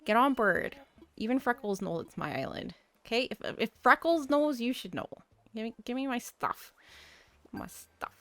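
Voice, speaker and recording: A woman's voice: fairly high pitch, animated, normal speed, a bit bright. A young woman hosting a gaming channel, chatting playfully through casual gameplay commentary and reading game dialogue aloud.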